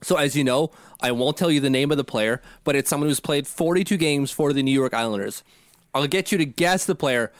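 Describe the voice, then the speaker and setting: A man's voice: medium pitch, fairly quick, no room sound, studio quality. A man co-hosting a casual sports podcast, rambling and poking fun at himself as he talks. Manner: rambling and self-deprecating, laughs at himself. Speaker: podcast co-host.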